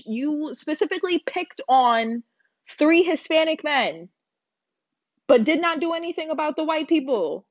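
A woman's voice: sits high, measured pace, no echo, highs cut off. A young woman, telling a blunt, profane storytime rant to her viewers. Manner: blunt, loud, profane, animated. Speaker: vlogger. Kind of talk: casual ranting storytime.

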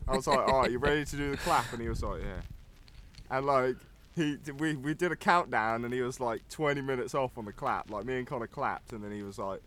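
Animated young storyteller. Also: male voice, mid-range voice, a little fast, slight background noise. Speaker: podcast co-host. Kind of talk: casual podcast banter.

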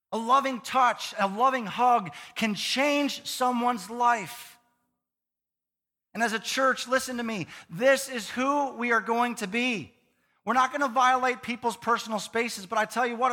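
A man preaching a sermon as pastor of a church, lively and conversational, with playful asides to the congregation. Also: high voice. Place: church sanctuary. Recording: long reverb of a church hall.

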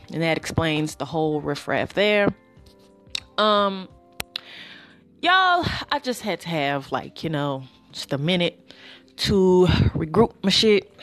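A woman talks to her listeners in a slow, unhurried drawl, her voice sitting on the lower side. She rambles loosely in slang, pausing and sighing as she goes. Faint music plays softly behind her. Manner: rambling, slangy, with sighs and pauses. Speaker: podcast host. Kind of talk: casual solo podcast monologue.

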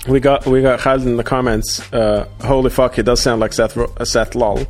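A man's voice: medium pitch, fairly even intonation, brisk, faint music behind. A man hosting a casual podcast interview, often hesitant, laughing and restarting his phrases. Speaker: podcast host.

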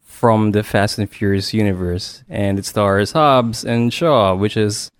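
Halting, laughing man in casual chat. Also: fairly low pitch, smooth, no room sound, studio quality. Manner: halting, restarts often, laughs a lot. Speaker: podcast co-host.

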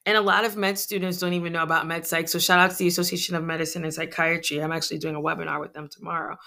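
A woman's voice: low-pitched, flat delivery, very fast, bright, forceful tone. A middle-aged woman, a physician guest, talking in a chatty, joking, conversational way. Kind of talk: conversational interview.

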